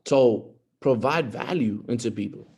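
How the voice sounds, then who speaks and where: A man's voice: mid-range voice, a little slow, darkish tone. A young man giving an earnest motivational talk on a group call, repeating his points and growing emphatic. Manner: earnest, repetitive, rising to emphatic.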